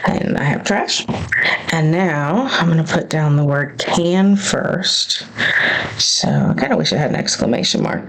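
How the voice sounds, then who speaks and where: A woman's voice: low voice, creaky, a little hiss or hum, low-quality recording. A woman planner vlogger thinking aloud as she crafts, hesitant and self-questioning as she works out her choices.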